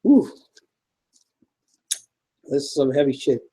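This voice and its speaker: A man hosting a casual vlog, reading viewer letters aloud and reacting with loud outbursts and quiet mumbles, swearing casually. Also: medium pitch, big pitch swings, takes it slowly, low-quality recording. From United States. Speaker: YouTube host reading fan mail.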